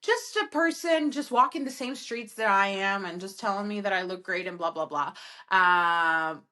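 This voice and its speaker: A woman co-hosting a casual podcast, emphatic and expressive, often acting out what people say. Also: mid-range voice. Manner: expressive and emphatic, quick to act out lines. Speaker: podcast co-host. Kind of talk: casual chat.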